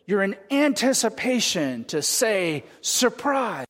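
A Californian pastor with a high, expressive voice delivers a sermon at a measured pace, keeping it conversational and often checking in with the congregation by asking "right?". A long hall reverb surrounds the recording.

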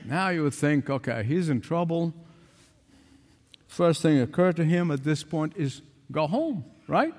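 A man's voice: fairly high pitch, expressive, moderate pace, hardly any pauses, darkish tone. An older man preaching a sermon, emphatic, repeating phrases for stress. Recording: long hall reverb.

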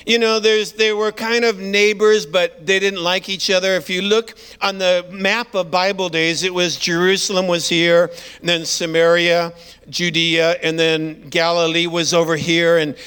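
A man preaching as a guest pastor, telling Bible stories in an animated way and acting out the characters. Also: high-pitched, a little slow, clean tone. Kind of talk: sermon.

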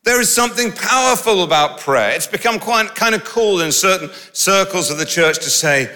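Bright-voiced preacher in a hall. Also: male voice, high-pitched, normal speed, few pauses. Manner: lively, conversational preaching with humorous asides. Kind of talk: sermon. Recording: long reverb of a large hall.

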